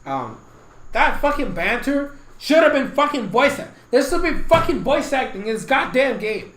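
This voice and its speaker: A man's voice: very high voice, sing-song, moderate pace, fairly bright tone, roomy sound, low-quality recording. A man giving a casual, rambling game review, swearing constantly and getting heated, with bursts of laughter.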